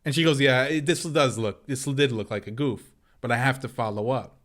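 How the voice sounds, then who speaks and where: A man's voice: mid-range voice, moderate pace. Guy on a podcast telling a funny story, acting out the voices, laughing a lot. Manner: animated storyteller, acts out voices, laughs often. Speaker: podcast co-host.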